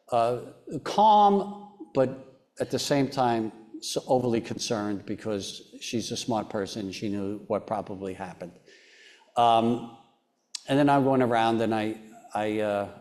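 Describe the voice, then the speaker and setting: A foundation chairman with a fairly low-pitched voice tells a personal story while being interviewed on stage. He speaks earnestly but haltingly, repeatedly restarting and now and then dropping very quiet.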